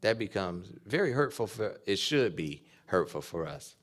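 A man's voice: lowish voice, big pitch swings, normal speed. A man preaching a sermon, acting out quoted dialogue as he teaches. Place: church or conference hall.

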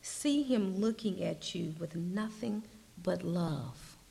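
Slow, earnest woman preaching with a gravelly voice. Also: fairly low pitch, animated. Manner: slow, earnest preaching, dropping to soft whispers. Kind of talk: sermon.

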